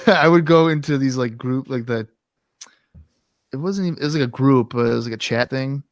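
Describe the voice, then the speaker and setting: A man's voice: mid-range voice, normal speed, no echo, studio quality. Rambling, swearing male podcast host. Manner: rambling, swearing, acts out quotes from his past. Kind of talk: casual storytelling chat.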